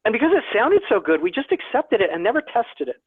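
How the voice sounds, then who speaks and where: A man's voice: high-pitched, sing-song, quick pace, breathy edge, no echo. A man, a plant scientist, giving an online lecture to a naturalist club, chatty with self-deprecating humor and frequent repeated words, speaking over a video call. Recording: tinny, phone-like video call audio.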